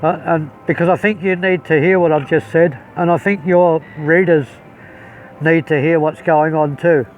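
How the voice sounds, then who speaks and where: A man's voice: fairly high pitch, steady tone, normal speed, recorded from a distance, soft background music, rough recording. A man with an Australian accent records a blunt, heated, swearing statement to his phone outdoors at a harbour. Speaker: self-recorded video speaker. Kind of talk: angry to-camera statement.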